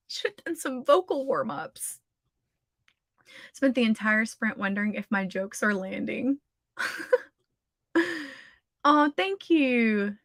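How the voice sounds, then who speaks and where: A woman in her thirties with a drawl chats slowly and easily as she hosts writing sprints, reading viewer comments out loud. Her voice sits a little high and sounds bright and forward. The sound is dry and close, with no room echo. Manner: chatty, reads out viewer comments. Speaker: livestream host of writing sprints. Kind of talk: casual livestream chat.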